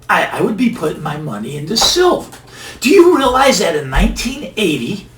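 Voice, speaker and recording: Emphatic man, lively roomy monologue. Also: sits high. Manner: emphatic, repeats phrases for effect. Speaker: finance channel host. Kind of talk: casual monologue commentary. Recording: roomy, mic a bit distant, faint ambience.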